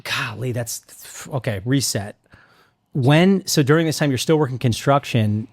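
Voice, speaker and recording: A male podcast host with a middle-pitched voice keeps the chat casual, eager and full of quick jokes. The sound is close and dry. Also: no room sound. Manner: enthusiastic, jokey, interjecting. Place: on-site in a coffee shop.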